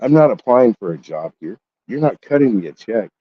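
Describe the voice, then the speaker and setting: A man's voice: mid-range voice, very animated, a little fast, breathy edge, muffled recording. A man hosting a collectibles vlog, telling a story in a heated, profane way. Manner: profane, heated storytelling, voice jumps up when angry. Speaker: collectibles channel host. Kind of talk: casual ranting vlog.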